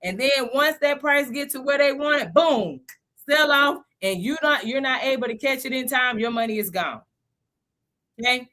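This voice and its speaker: A lively woman hosts a casual live stream, talking to her viewers in a chatty, animated way. Her voice sits a little high and sounds bright and forward. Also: moderate pace. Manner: animated, chatty, laughs often.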